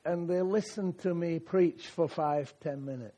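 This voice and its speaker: A male preacher telling a story in a sermon, speaking in short phrases and pausing for an interpreter. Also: on the high side, mellow.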